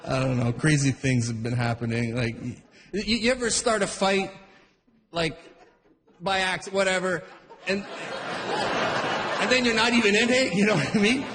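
A man doing stand-up, telling a rambling, animated story with duck impressions. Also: sits high, normal speed, long pauses, in a large hall, crowd noise, noisy background. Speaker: stand-up comedian.

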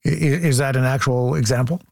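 A man hosting a call-in radio show, brisk and measured as he reads phone numbers and takes calls. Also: medium pitch, little pitch movement, vocal fry, very noisy. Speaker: radio talk show host. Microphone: studio mic.

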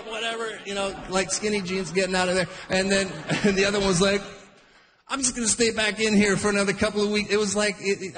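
A man in his forties doing stand-up, telling rambling stories, cutting himself off and restarting, with animated impressions. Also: high voice. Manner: rambling, self-interrupting, animated quacking impressions. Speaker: stand-up comedian. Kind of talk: stand-up storytelling. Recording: live venue reverb, faint ambience.

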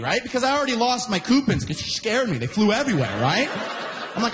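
A male stand-up comedian from Alberta telling a rambling, animated story to a live audience. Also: extremely high pitch, quick pace. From Alberta, Canada. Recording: echoey hall with audience noise.

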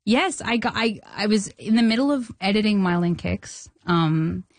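A woman, a filmmaker guest on a radio show, telling an anecdote in a lively way, acting out the dialogue she quotes. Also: mid-range voice, moderate pace, no room sound. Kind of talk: anecdotal interview talk.

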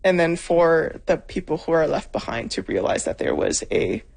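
A woman's voice: sits low, big pitch swings, normal speed, creaky, a little mellow, poor audio. A woman interview guest giving earnest answers, often searching for her words.

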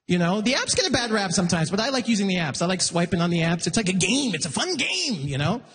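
A man doing a stand-up comedy set, self-mocking and animated, jumping into loud acted-out bits. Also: fast, breathy edge. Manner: animated, self-mocking, jumps into loud high act-outs. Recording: long reverb of a hall.

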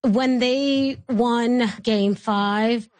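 A middle-aged woman with a New York accent chats on a podcast, her voice a touch higher than most. She tells her stories with energy and puts on voices for the people in them. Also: extremely slow, very noisy. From New York City. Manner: animated storyteller acting out voices. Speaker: podcast host. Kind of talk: casual chat.

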